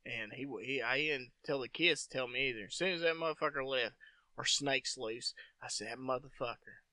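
A man's voice: medium pitch, brisk, dry recording. A man telling a long story in a casual, profane chat, acting out what people said. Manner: profane, animated storyteller who acts out quotes.

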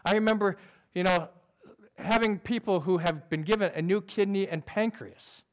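A man preaching a sermon in an earnest, conversational way, using quick everyday illustrations. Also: sits high. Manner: describes himself as sober by nature.

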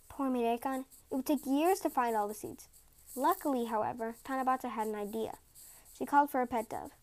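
A woman's voice: a little high, brisk. Woman reading a folktale aloud. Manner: calm, expressive storytelling. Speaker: podcast storyteller.

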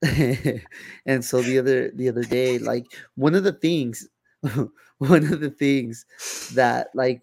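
A man's voice: mid-range voice, creaky, a little mellow, dry recording, clean studio sound. A young man co-hosting a podcast in loose casual chat, swearing freely with lots of fillers and restarts. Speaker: podcast co-host.

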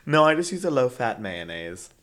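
A man's voice: mid-range voice, big pitch swings, normal speed, a bit bright. A man in casual chat, sassy and argumentative, giggling often.

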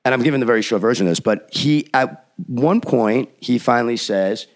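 A man on a podcast telling an animated story and acting out the people in it with emphatic delivery. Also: mid-range voice, normal speed. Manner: acts out the people in his story, lively and emphatic. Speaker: podcast guest.

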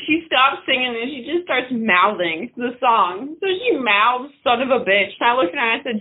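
A young woman with a husky, rather high voice tells a story in a casual chat, jumping into loud, lively quoted lines. The sound is thin and tinny, like a phone call. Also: normal speed, hardly any pauses. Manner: animated storyteller, swings into loud mock quotes. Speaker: podcast co-host.

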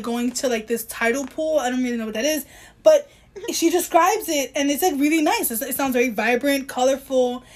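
A high-voiced woman co-hosts a podcast in an easygoing book chat. She talks animatedly and keeps restarting her sentences as her thoughts run ahead. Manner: animated, self-interrupting, quotes the book in voices. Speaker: podcast co-host. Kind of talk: casual book discussion.

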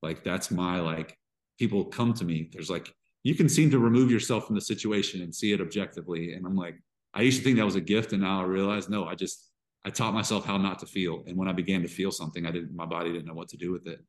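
In a frank interview conversation, a Georgian man with a very deep voice recounts his personal struggles as a guest on a podcast. His emotional telling comes haltingly, with frequent restarts and loops back as he works out what he feels.

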